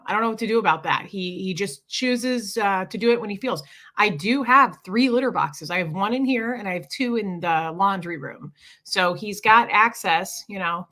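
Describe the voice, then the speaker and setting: Woman live-stream host, husky just-woke-up voice, bright and forceful tone, casual chat greeting viewers by name. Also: medium pitch.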